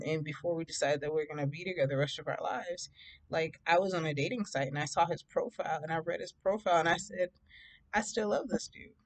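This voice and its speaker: A woman in her thirties from Detroit telling a personal story in a casual, animated way, often laughing and acting out both sides of the conversations. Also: deep voice. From Detroit, USA. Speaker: storytime vlogger.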